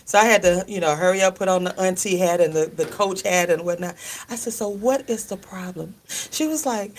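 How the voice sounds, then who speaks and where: A middle-aged woman co-hosts a radio talk show, her voice lowish and brisk. She tells funny family stories in casual chat, laughing often and acting out quotes in other people's voices like an animated storyteller.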